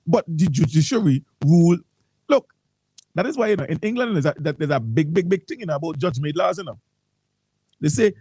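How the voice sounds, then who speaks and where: A man's voice: fairly high pitch, animated, a little fast, dark tone, breathy edge, no echo, low-quality recording. A man with a Vincentian accent hosting a morning talk radio show, reading posts aloud and commenting with frequent repeated words.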